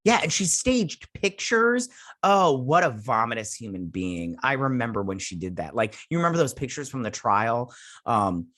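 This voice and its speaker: A man's voice: fairly low pitch, sing-song, normal speed, a bit bright. A man hosting his own reaction vlog, ranting heatedly with many restarts and fillers. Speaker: YouTube channel host.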